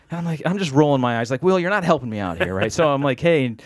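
A man telling a long anecdote on a podcast, animated and acting out the other people's voices. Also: mid-range voice, fast talker, few pauses, no echo, clean studio sound. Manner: animated, acts out quoted voices. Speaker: podcast guest. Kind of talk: storytelling anecdote.

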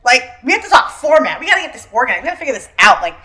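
Woman, podcast co-host, fast talker, bright edge, emphatic. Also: high-pitched, sing-song. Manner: quick, emphatic, playful. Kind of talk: casual chat.

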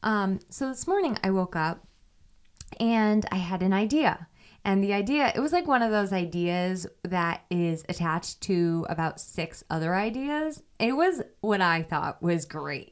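A woman's voice: medium pitch, lively intonation, unhurried, smooth. A woman hosting a solo podcast, talking in a candid, reflective way and thinking aloud with small restarts. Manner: candid, reflective, talks things through with restarts. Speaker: podcast host.

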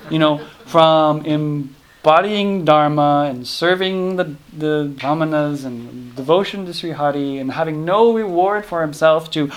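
A man's voice: fairly high pitch, measured pace. A man teaching a scripture class in a casual, rambling way, often breaking off and restarting. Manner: rambling, self-interrupting, many fillers.

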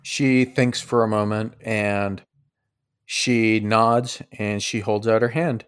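A man's voice: on the low side, level tone, slow, clean tone. Male game master, casual rambling narrator.

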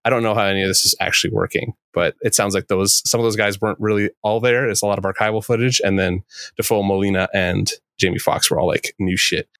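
A man hosting a casual movie review podcast, swearing freely and getting excited as he talks. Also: on the low side, dry recording. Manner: profane, excitable, fast-talking. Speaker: podcast host.

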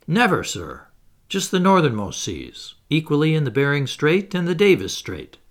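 A man doing a loud blustering harpooner. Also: on the high side, wildly swooping pitch, moderate pace, pitched above the performer's own voice. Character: brash excitable Canadian harpooner, grown man.

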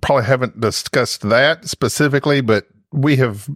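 A man co-hosting a podcast in casual chat, tossing in quick jokes. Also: medium pitch, dry recording, studio quality. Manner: joking, quick quips. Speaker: podcast co-host.

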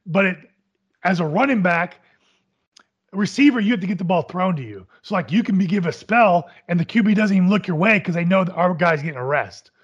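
Podcast co-host, male, slightly higher voice, measured and even-handed, dull lo-fi recording. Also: husky. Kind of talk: casual sports talk.

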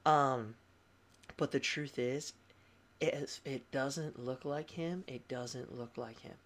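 Young adult man, pastor, candid testimony, animated and chatty, mid-pitched voice. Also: slow pace. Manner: candid, animated storytelling with fillers and laughs. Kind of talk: conversational testimony.

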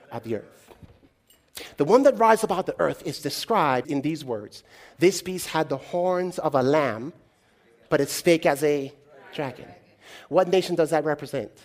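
A man with a notably high voice delivers a sermon to a congregation. He preaches in a call-and-response way, rising to loud exclamations and then dropping to hushed, low tones.

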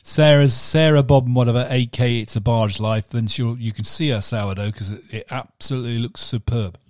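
A man's voice: mid-range voice, steady tone, normal speed, darkish tone, no room sound, studio quality. A man from southern England hosting a podcast, chatting casually with teasing, joking banter. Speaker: podcast host. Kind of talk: casual chat.

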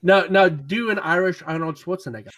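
A man with a fairly high voice, co-hosting a casual podcast. He jokes around and laughs often as he banters with his guests. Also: a little fast, background noise. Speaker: podcast co-host.

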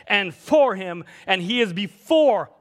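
A man preaching a sermon, swinging between emphatic outbursts and quiet asides, reading out scripture. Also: high-pitched, lively intonation, slow pace. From Scotland. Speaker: pastor.

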